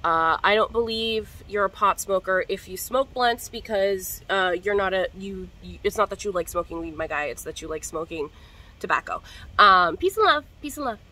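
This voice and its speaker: A woman's voice: mid-range voice, normal speed, sharp tone, low-quality recording. A young woman vlogger in casual chat to camera, slangy and profane, coughing now and then. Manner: chatty, slangy and profane, coughing between hits.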